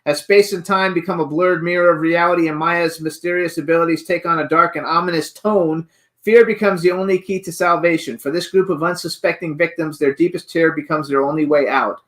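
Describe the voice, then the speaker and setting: Eager male host with a high, bright, forceful voice. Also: fairly even intonation, a little fast. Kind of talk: casual interview chat.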